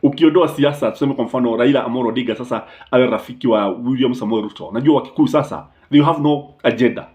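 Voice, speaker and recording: A man with a Kenyan accent hosts a political commentary show, speaking at a middling pitch. He argues his points with emphasis and strong opinions, switching freely between English and Swahili. His delivery is loose and unscripted, broken up by fillers and restarts. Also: fast talker, few pauses, darkish tone. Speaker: political commentator and channel host.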